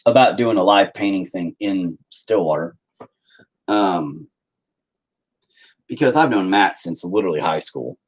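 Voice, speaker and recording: Husky, lively joking man. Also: rough recording. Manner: crude, joking, often puts on shrill mocking voices. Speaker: artist livestreaming a painting session. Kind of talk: casual rambling livestream chat. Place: at home.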